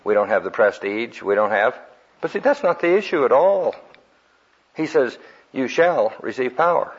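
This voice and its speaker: Male preacher, husky, folksy storyteller, lo-fi sermon tape. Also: medium pitch, big pitch swings, normal speed. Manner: folksy storytelling, acts out quotes, laughs at own jokes. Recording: dull lo-fi recording.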